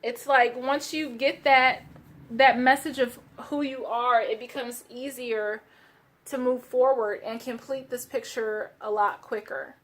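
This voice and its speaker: A woman doing a casual card reading for her viewers, gentle and searching, with many fillers and restarts. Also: a little high, steady tone, a little slow. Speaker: tarot card reader.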